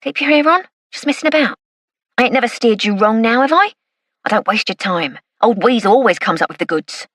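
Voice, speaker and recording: A man's voice: very high-pitched, expressive, brisk, bright, forceful tone, dry recording, clean studio sound, pitched above the performer's own voice, exaggerated voice. Woman doing a sly cockney informant man. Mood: protesting. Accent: East End London. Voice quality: cackling laugh, wheedling banter. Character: sly cockney male informant, leering and cocky. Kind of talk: audiobook character voice.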